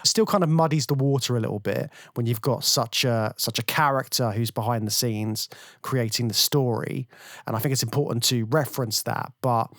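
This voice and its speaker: A man's voice: mid-range voice, moderate pace, fairly bright tone, dry recording. Dry-sounding male podcast co-host. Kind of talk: casual film discussion.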